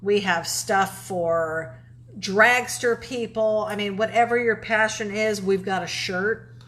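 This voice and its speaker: A woman's voice: medium pitch, slow, a bit bright. A woman with a Southern accent, co-hosting a casual live stream, chatting, plugging shirts and reading viewer comments aloud. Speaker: co-host of a live drawing stream.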